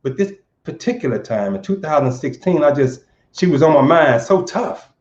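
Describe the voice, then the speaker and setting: A man's voice: a little high, very animated, normal speed, a little mellow. A man from Saint Louis telling a personal story for a live audience. He speaks earnestly and stumbles over repeated words. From Saint Louis, USA. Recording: roomy, dull lo-fi sound.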